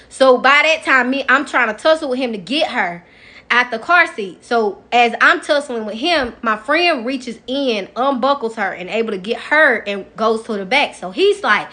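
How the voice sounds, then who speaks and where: A young adult woman vlogger telling a personal story in a casual, animated way, often speaking straight to her viewers. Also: a little high, normal speed. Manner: emotional, animated retelling, addresses viewers directly.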